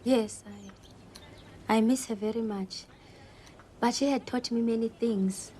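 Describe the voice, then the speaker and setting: A woman's voice: a little high, steady tone, a little slow, dark tone, a little hiss or hum, natural voice. A woman playing an earnest, polite young woman client telling her family story.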